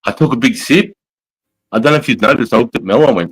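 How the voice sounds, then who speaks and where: A man's voice: mid-range voice, quick pace, a bit bright, poor audio. A middle-aged Australian man, an army veteran, hosting a casual livestream, blunt and swearing freely as he chats and reads out comments. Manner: blunt, heavy swearing, matey.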